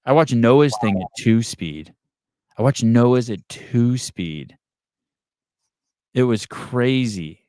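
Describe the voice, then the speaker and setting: A man's voice: mid-range voice, animated, slow, long pauses, warm tone, clear, resonant tone, dry recording, studio quality. A man hosting a podcast, ranting in casual talk and swearing constantly. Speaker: podcast host. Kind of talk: profane casual podcast rant.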